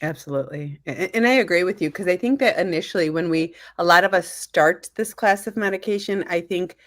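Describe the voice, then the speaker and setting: A woman's voice: fairly low pitch, fairly quick. A woman hosting a panel discussion over a video call, affirming guests with lots of "um" fillers. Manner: warm and affirming, many fillers. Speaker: panel host.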